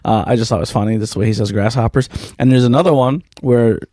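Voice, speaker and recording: A man in his thirties talks through his podcast in a loose, rambling way, peppering it with swearing and fillers. His voice sits at an ordinary middle pitch. The sound is dry and close, with no room around it. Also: fast, dark tone, no echo. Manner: rambling, profane, laid-back, lots of fillers. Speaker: podcast host. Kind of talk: casual solo podcast chat.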